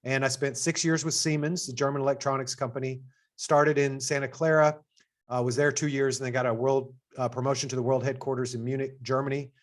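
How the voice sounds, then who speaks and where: A middle-aged man with a Texas accent, hosting an information session as assistant dean. He talks in an upbeat, conversational way and jumps up in pitch to stress his points. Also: little pitch movement, brisk. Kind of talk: presentation to prospective students.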